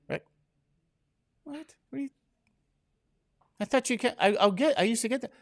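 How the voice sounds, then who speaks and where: Lively joking male teacher. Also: high-pitched, brisk, long pauses. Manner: joking, asks the class many questions. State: drowsy from medication. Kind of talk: classroom lecture. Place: classroom.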